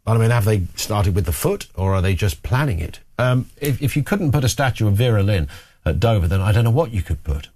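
A man's voice: on the low side, fairly quick. A man hosting a phone-in radio talk show, chatting and telling jokey stories. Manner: chatty, jokey, lively storytelling.

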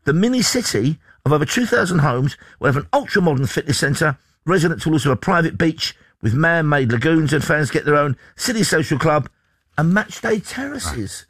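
Man, radio co-host, teasing, fairly high voice, dry studio sound. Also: lively intonation, fairly quick, a bit bright, slightly rough, no echo. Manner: teasing, jokey, reads stories aloud. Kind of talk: bantering news chat.

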